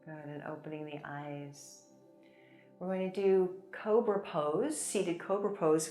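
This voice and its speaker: A woman teaching a chair yoga class, gently guiding breaths and movements with encouragement and light laughs. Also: on the low side. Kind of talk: guided yoga class instruction. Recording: echoey room with soft music. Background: soft background music.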